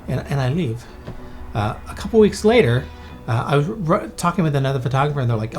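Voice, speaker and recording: A man in his thirties tells a story casually and at a fast clip, full of fillers and restarts. Faint music plays under his voice. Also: medium pitch, animated. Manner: chatty, with many fillers and quick restarts. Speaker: podcast host and photographer.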